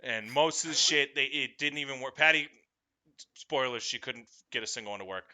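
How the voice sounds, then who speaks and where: A man telling comedic stories in a profane, animated way, breaking into shrill shouted impressions. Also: a little fast. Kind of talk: comedic storytelling.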